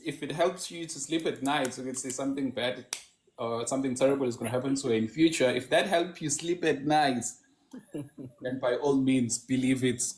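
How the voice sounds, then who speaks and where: A South African man gives his opinion on a live stream. He is blunt and sceptical, delivering flat doubts with little patience. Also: medium pitch, normal speed, a little hiss or hum. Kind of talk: casual live-stream chat.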